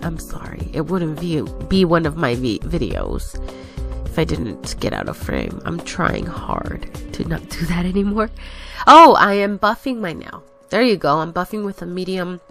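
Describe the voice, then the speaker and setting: In this voice-over, a slightly breathless woman rambles through her nail tutorial, chatting casually and correcting herself as she goes. Her voice is fairly low, gravelly, and sing-song at a moderate pace, with faint music in the background.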